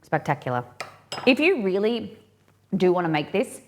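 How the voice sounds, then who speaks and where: A woman's voice: mid-range voice, very animated, normal speed, a little hiss or hum. A woman hosting a casual live cooking stream, chatting and thinking aloud with rambling asides as she works in a kitchen.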